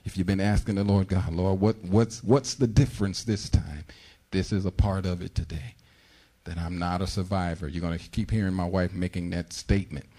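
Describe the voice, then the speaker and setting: Fervent preacher man, dark husky voice. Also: fairly even intonation, moderate pace. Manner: fervent, acts out prayers in a high pleading voice. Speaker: pastor. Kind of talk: sermon.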